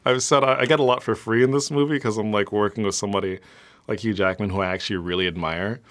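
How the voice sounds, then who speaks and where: A man's voice: on the low side, fairly even intonation, fast talker. A man, an actor, chatting in a press interview, laughing often and filling his talk with "like". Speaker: actor in the film.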